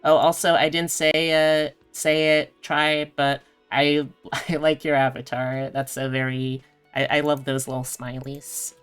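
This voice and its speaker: Casual streamer, slow and smooth, reads chat between play. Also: medium pitch, level tone, fairly bright tone, soft background music. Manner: chatty, giggly, talks to chat. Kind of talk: casual live-stream commentary.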